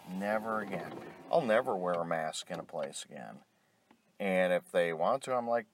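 A man's voice: low voice, animated, normal speed. A middle-aged man delivering an angry, profane rant, blunt and tired. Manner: angry, blunt, heavy swearing.

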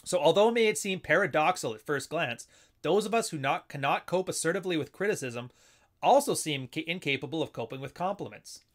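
A man's voice: fairly high pitch, expressive, a little fast. A man giving casual, unscripted commentary, often acting out little dialogues in shifting voices. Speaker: commentator explaining assertiveness techniques.

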